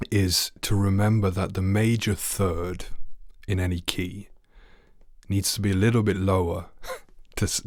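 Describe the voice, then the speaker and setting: A man's voice: deep voice, no room sound, studio quality. A man teaching a trombone lesson online, friendly and asking the viewer questions. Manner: friendly, asks the viewer questions, sings notes.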